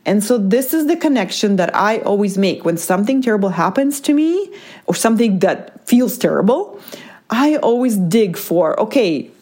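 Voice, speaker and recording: A woman, a mother, telling a personal story in a casual, reflective monologue. She often checks in with "right?" and "like", and speeds up and slows down within a sentence. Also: mid-range voice, sing-song, a little mellow.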